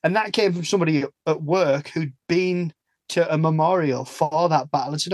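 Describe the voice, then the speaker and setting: English male podcast host, rambling chatty delivery, a bit high, dry close sound. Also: brisk, dry recording. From England. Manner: chatty, rambling, self-interrupting. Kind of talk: casual chat.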